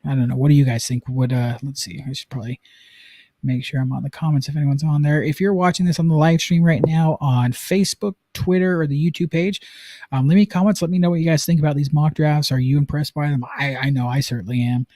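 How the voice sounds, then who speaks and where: A man's voice: fairly high pitch, fairly even intonation, fast talker, mellow, dry recording. A man from Utah hosting a casual live-streamed sports talk show, chatting loosely with plenty of fillers. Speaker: sports podcast host.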